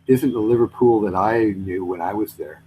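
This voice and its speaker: Lancashire guy rambling in a casual chat, lowish voice, lots of you know and like, faint hiss behind. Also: moderate pace, dark tone, rough recording. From Burnley, England. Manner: rambling, many fillers and restarts.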